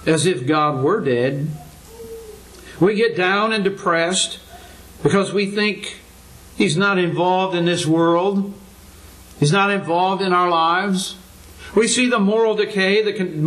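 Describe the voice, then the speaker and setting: An older male preacher delivering a sermon in a fairly high voice. He speaks earnestly and keeps asking his listeners rhetorical questions, often lifting his voice to press a point home. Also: a bit bright, low-quality recording.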